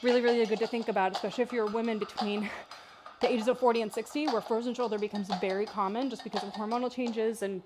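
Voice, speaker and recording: A woman fitness instructor guiding a workout, counting reps and calling breath cues in a steady rhythm. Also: on the high side, fast, background noise. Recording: music playing behind the voice. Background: workout music.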